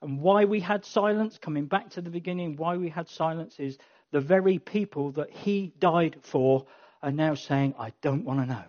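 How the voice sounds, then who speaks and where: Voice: medium pitch, normal speed, a little mellow, dull audio. A preacher giving a conversational sermon with wry asides that builds to emphatic passion, then leads a prayer.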